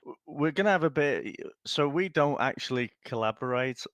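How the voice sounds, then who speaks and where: Male podcast co-host, very animated pitch, dry close sound, laughs easily. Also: moderate pace, no room sound. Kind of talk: casual podcast chat.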